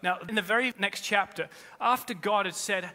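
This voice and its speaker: A man's voice: high-pitched, normal speed, bright, forceful tone. A man, a pastor, preaching a sermon in earnest, repeating key phrases for weight. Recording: long reverb of a large hall.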